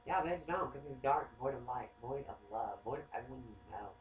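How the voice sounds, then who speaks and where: A man who works as a psychic, talking in a casual, rambling monologue. He swears a lot and gets excitable. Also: mid-range voice, fairly quick, muffled recording. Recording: echoey room, faint noise.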